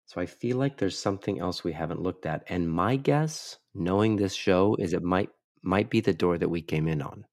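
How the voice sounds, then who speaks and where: A man's voice: deep voice, normal speed, few pauses, a little mellow, no echo, studio quality. An Australian man chatting casually as a guest player in a mystery game, chatty and self-mocking.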